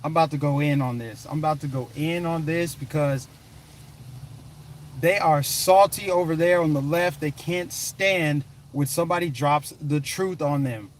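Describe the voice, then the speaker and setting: Fired-up, high-voiced male political ranter. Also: moderate pace, a little hiss or hum. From United States. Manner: emphatic, combative, repetitive, punchy. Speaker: political commentary vlogger. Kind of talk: fired-up ranting commentary.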